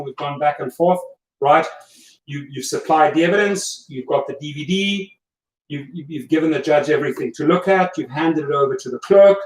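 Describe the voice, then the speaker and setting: A man with a South African accent hosting a casual livestream, coaching listeners in an emphatic, repetitive way. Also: a little high. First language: German. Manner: coaching, emphatic, repeats himself. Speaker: livestream host. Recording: echoey room, far from mic, faint noise.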